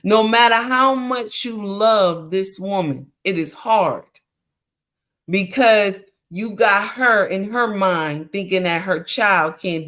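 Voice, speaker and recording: This middle-aged livestream host speaks at a medium pitch with a slightly bright tone. She preaches about relationships, leaning on emphatic repetition and addressing listeners as "honey" and "mama."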